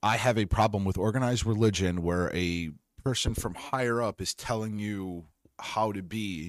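A middle-aged man hosts a podcast on his own, fired up and sarcastic, swearing as he reads out listener comments in a solo rant. His voice is fairly low, and the studio-quality recording has no room sound.

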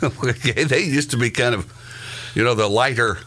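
A man's voice: mid-range voice, normal speed, sharp tone. A man co-hosting a podcast, chatting casually, reading out odd news items with dry asides and chuckles. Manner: dry, laughs at his own asides. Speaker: podcast co-host.

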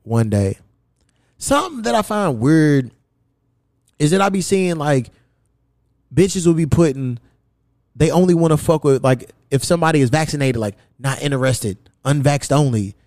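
A man's voice: lively intonation, normal speed, long pauses, darkish tone, no echo, studio quality. Young man telling profane stories. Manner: profane storytelling, swings pitch high for quoted asides. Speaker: podcast host. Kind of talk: casual podcast chat.

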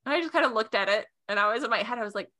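A woman guest telling a personal story in casual chat, animated, with lots of "you know" and "like". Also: a little high, rapid-fire. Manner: animated, acts out quoted voices; many fillers like "you know" and "like". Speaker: podcast guest.

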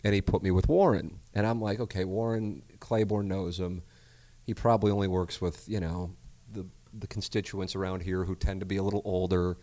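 A man's voice: deep voice, fairly even intonation, fairly quick, mellow. A man hosting a casual chat, telling stories animatedly and laughing often. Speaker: podcast host.

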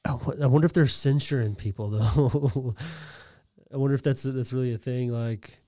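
A man's voice: medium pitch, moderate pace, mellow, no echo, studio quality. A man co-hosting a podcast, musing hesitantly in casual chat. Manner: hesitant, thinks aloud with fillers. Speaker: podcast co-host.

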